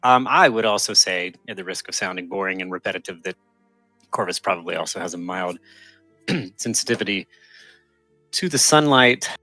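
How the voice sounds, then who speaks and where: Brief: male player, dry humor, bright tense tone, very dry close sound. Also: deep voice, normal speed, no echo, soft background music. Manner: dry, joking. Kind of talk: casual tabletop game chat.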